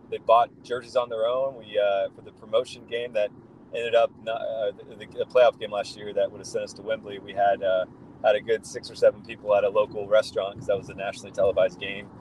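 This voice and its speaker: Low-voiced man, chatty and enthusiastic. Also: darkish tone, a little hiss or hum, rough recording. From United States. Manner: rambling, enthusiastic storytelling with many fillers. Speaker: guest, football fan. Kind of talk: casual podcast chat.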